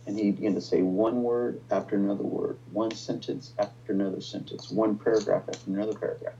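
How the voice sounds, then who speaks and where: A man's voice: on the low side, steady tone, fast talker, dark tone, highs cut off, slight background noise. A middle-aged man, a pastor, telling an emotional personal story in conversation, often restarting his words. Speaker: pastor, guest.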